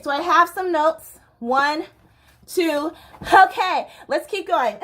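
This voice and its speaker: Woman podcast host with a high voice, speaking solo in a heated, rambling casual monologue. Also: fairly bright tone. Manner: impassioned, rambling, self-interrupting. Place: home near a train line.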